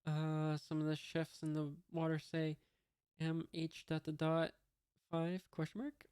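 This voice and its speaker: Slow unhurried reader, monotone delivery, halting with fillers, reads punctuation and sound effects aloud, dry asides. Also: mid-range voice, smooth, dry recording. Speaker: comic reader. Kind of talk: casual read-aloud of a comic.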